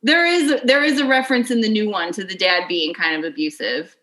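A woman in her thirties co-hosting a casual chat, blunt and chatty and quick to swear. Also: medium pitch, pushed and bright, poor audio. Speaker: podcast co-host.

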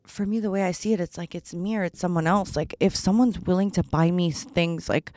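A woman's voice: lowish voice, fairly quick, mellow, dry recording, clean studio sound. A young woman hosting a solo podcast, chatting casually while unboxing gifts, gushing and a little bratty, with lots of "like" fillers. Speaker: podcast host.

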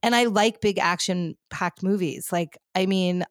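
A woman's voice: on the low side, a little slow, no echo. Ranting woman podcast host, dry sound. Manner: animated ranting, lots of "like" fillers. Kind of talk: casual chat.

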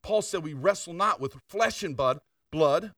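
Older man, pastor, chatty preaching, higher voice, dry distant sound. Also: lively intonation, moderate pace, fairly bright tone, no room sound. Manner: conversational storytelling with asides. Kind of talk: sermon.

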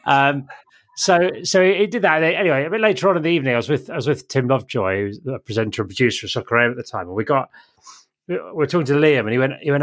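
A middle-aged man guest telling a story in casual chat, animated and acting out the voices of the people in it. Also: mid-range voice, fast. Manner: animated, acts out quoted voices. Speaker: podcast guest telling an anecdote.

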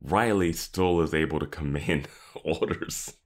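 A man's voice: extremely low pitch, unhurried. A man co-hosting a casual chat, critiquing a TV episode with incredulous, profane remarks and some laughter. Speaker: podcast co-host.

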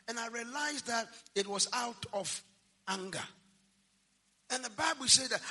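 High, bright-voiced preacher in a hall. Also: male voice, husky. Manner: emphatic preacher, swinging from hushed to shouted. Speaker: pastor. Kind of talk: sermon. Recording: long reverb of a large hall.

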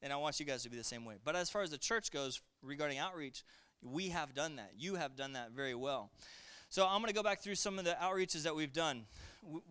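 A middle-aged male pastor preaching with lively, conversational energy, often calling out to the congregation for a response. His voice is bright and forceful, clear and smooth, sitting a little high for a man. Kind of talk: sermon.

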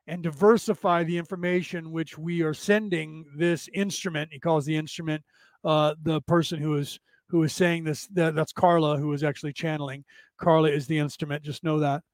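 A man's voice: on the high side, no room sound. A man hosting a podcast, explaining a text in a casual, rambling way, often restarting and adding "right?" to check in. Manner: rambling, self-correcting, frequent "right?" tags. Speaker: podcast host.

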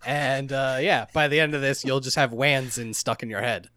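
A man co-hosting a casual gaming podcast, talking in an animated, jokey, mocking way. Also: medium pitch, moderate pace, no echo, clean studio sound. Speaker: podcast co-host.

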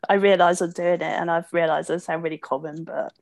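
A woman's voice: on the low side, fairly even intonation, fairly quick, vocal fry, no echo, rough recording. Chatty Bedfordshire woman interviewer. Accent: Bedfordshire English. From Bedfordshire, England. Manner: chatty and upbeat. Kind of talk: casual interview chat.

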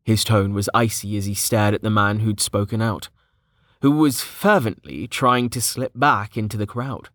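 A man reading a fantasy novel aloud as audiobook narration, in a measured, even manner. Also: lowish voice, no room sound, clean studio sound.

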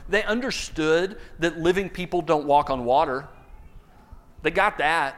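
A man preaching a sermon, telling a Bible story in an animated way and acting out the characters with humor. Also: fairly high pitch, a little slow. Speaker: pastor.

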